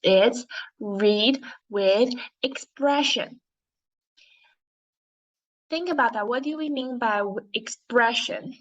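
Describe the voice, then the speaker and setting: A woman with a Chinese accent teaches an English lesson at a slow, careful pace in a fairly high voice. She keeps putting questions to her pupils. The audio is dull and lo-fi. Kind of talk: online class lesson.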